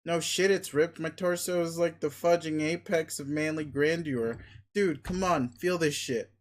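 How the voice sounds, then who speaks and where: A man's voice: fairly high pitch, a little slow, lightly acted. A man doing a bragging crude muscle creature. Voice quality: loud, bragging, swears constantly. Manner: bombastic, pushy, commanding. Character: boastful muscle-obsessed male creature, crude. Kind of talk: dramatic reading of a webcomic.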